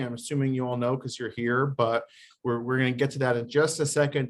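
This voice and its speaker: A man chairing a political club's meeting, announcing the agenda with many fillers and restarts. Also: mid-range voice. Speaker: club president and meeting chair.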